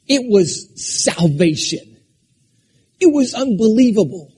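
A man from Alaska preaching a sermon as pastor, swinging between shouted declarations and quiet, conversational asides. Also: high voice, expressive, unhurried, husky.

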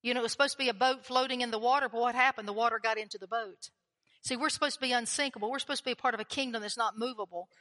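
A woman's voice: fairly high pitch, fairly even intonation, rapid-fire, pushed and bright. A woman preaching a sermon in a chatty, conversational way, often putting questions to the congregation. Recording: long hall reverb.

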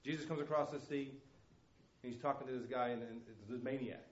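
A man's voice: mid-range voice, steady tone, a little fast. Fervent preacher man in an echoey room. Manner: passionate, storytelling, acts out voices, repeats words. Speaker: missionary preacher. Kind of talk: sermon. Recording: echoey room, dull lo-fi sound.

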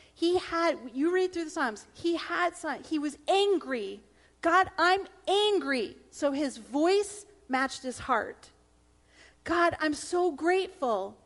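A middle-aged woman pastor preaching a sermon in an earnest, emphatic manner, sometimes dropping to a hush. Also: sits high.

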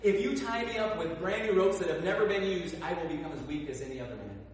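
A stubborn, evasive strongman, as a preacher acts him out brushes off questions with one excuse after another. His slightly high voice comes from far off and booms around an echoing hall. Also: expressive, fast, a little hiss or hum, close to an everyday voice.

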